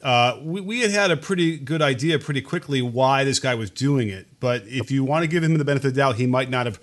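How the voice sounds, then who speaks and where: A man's voice: medium pitch, fast talker. A man co-hosting a political podcast, reading statements aloud and commenting wryly, often stumbling over his words and searching for them. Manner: hesitant, many fillers and restarts, wry. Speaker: podcast co-host.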